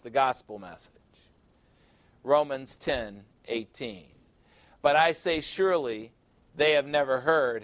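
A man's voice: fairly high pitch, a bit bright, dry recording. A man preaching a sermon verse by verse, conversational and teasing, asking his listeners questions. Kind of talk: sermon, verse-by-verse Bible teaching.

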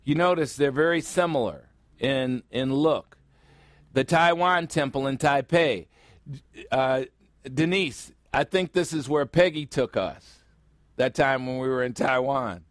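A man's voice: mid-range voice, a little slow, dry recording, clean studio sound. A man preaching a sermon as pastor, conversational and joking, acting out little exchanges. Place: church in Phoenix area.

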